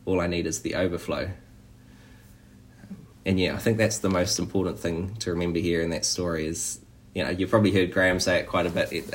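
Casting: man, low-pitched voice, preacher, conversational sermon with easy restarts. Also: slight background noise. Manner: conversational, frequent "you know" and restarts.

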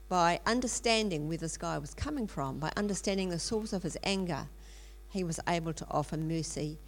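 Earnest woman with a gravelly low voice. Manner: earnest, many ums and restarts. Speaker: speaker in a church teaching series. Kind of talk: sermon storytelling.

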